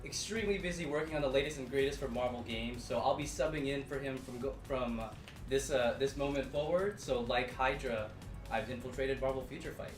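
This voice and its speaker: A man's voice: medium pitch, a little fast. A man who is a game producer, guesting on a livestream and telling a character's backstory with dry jokes. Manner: jokey, gives character backstory. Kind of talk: livestream chat. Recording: echoey, distant, with music.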